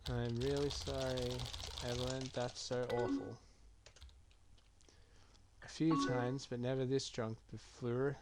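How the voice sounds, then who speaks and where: A man's voice: medium pitch, little pitch movement, slow, long pauses, heavy background noise. A man streaming a game playthrough, muttering and reading chat messages aloud as he reacts. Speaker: gaming streamer. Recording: keyboard typing clearly heard. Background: keyboard clicks and typing.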